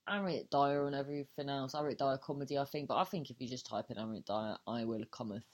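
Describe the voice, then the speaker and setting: A woman's voice: rumbling low, fast, muffled recording. A woman hosting her own podcast, improvising a silly story with lots of restarts, swearing freely and joking at her own expense. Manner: swears freely, self-mocking humour. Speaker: podcast host and comedian. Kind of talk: casual solo podcast chat.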